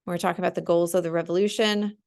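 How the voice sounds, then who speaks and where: Young woman teacher, chatty screen-share walkthrough, low and gravelly. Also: fairly even intonation, fast, a little mellow. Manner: chatty, full of ums and "right?". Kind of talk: casual screen-share lesson.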